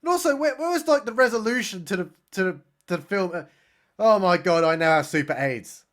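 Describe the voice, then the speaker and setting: A man's voice: sits high, animated, a bit bright. Sarcastic man recapping a film. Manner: sarcastic, mocking, does quick voices for characters. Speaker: film reviewer. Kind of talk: sarcastic comedic movie recap.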